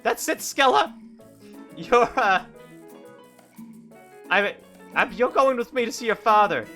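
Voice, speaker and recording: A man doing a shrill nagging skeleton mom. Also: expressive, slow, pushed and bright, faint music behind, full character voice. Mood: bossy. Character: scolding nagging mother skeleton, middle-aged woman.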